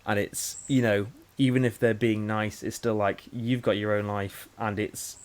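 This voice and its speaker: A man in his twenties co-hosting a podcast, telling stories in a lively way and acting out the dialogue. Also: lowish voice, normal speed. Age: 20s. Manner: animated storyteller, acts out dialogue. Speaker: podcast co-host. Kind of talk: casual podcast chat.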